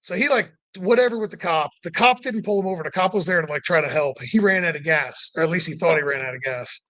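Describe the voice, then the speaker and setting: Quick-paced and a little high, with a sharp tone, a man tells a long road trip story in a dry recording. He rambles, using plenty of "like" and "you know," and raises his voice to act out what others said.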